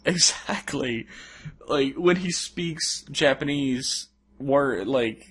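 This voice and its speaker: Young man, podcast co-host, mid-pitched voice, opinionated, casual chat. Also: slow pace, fairly bright tone, breathy edge. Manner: opinionated, laughing, swears casually.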